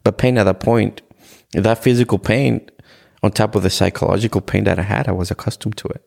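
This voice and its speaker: A middle-aged man from Ecuador speaks in a low, rough voice with a lot of fry. He tells his own life story as a podcast guest, often halting and restarting. He brings the memories to life by quoting what people said. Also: steady tone, a little mellow. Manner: halting, repeats words, retells scenes in quoted dialogue. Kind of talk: personal testimony in a conversation.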